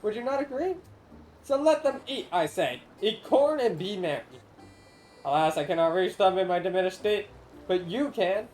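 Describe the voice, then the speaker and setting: A woman's voice: medium pitch, lively intonation, moderate pace, a little mellow, slight background noise, close to an everyday voice, poor audio. Woman voicing an ancient, mournful corn spirit. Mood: grandiose. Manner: archaic, solemn, theatrical speech. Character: ancient lonely corn spirit, grandiose and sorrowful. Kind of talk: reading game dialogue aloud on stream.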